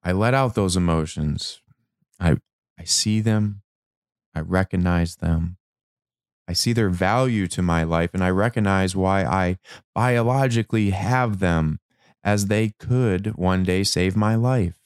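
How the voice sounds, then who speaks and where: A man giving a reflective motivational talk about anger and change, slow and emphatic, repeating words and now and then swearing. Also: deep voice, clean tone, no room sound, studio quality. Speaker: self-help speaker.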